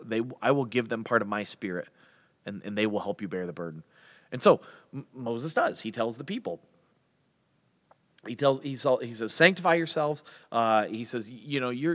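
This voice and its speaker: A man teaches a Bible passage in easy, conversational speech, slipping into voices for the characters. His voice sits in a middle register. A long reverb trails after his words. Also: medium pitch. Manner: conversational, animated, acts out biblical characters in voices.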